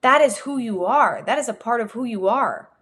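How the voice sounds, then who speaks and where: A woman with a New Jersey accent, a communication coach giving an energetic, expressive motivational talk on a livestream. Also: fairly high pitch, moderate pace, husky. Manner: energetic, expressive, talks with her hands.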